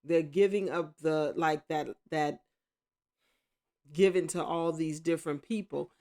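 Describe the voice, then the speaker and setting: A woman giving a casual tarot reading at home, rambling and correcting herself, with excited exclamations. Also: low-pitched, a little slow. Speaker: tarot reader.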